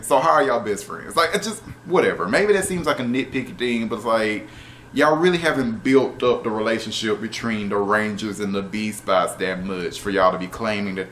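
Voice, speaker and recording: A man reviewing a show episode in casual, animated talk, exasperated and profane, with laughing asides. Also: fairly low pitch, moderate pace, a little hiss or hum.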